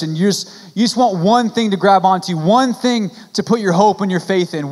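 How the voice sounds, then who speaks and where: A young man preaching a sermon as pastor, earnest and pleading, with frequent restarts and casual fillers. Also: high-pitched. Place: church sanctuary. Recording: church hall with long reverb.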